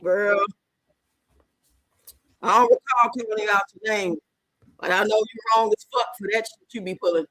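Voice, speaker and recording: A woman hosting a casual livestream in African American Vernacular English, loud and animated, cursing freely. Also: mid-range voice, normal speed, pauses often, dry recording, low-quality recording. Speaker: livestream host.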